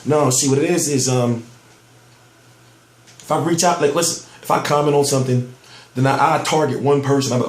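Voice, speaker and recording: A man's voice: on the high side, brisk, pauses often, echoey room. A man giving heated, profane commentary on boxing news in a ranting vlog, amped up and emphatic. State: amped up on soda.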